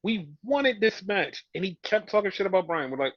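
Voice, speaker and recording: Man, high voice, exasperated rant, swearing, casual podcast, muffled dry sound. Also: lively intonation, moderate pace, no echo. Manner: ranting, exasperated, swears a lot. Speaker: podcast co-host. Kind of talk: casual wrestling review chat.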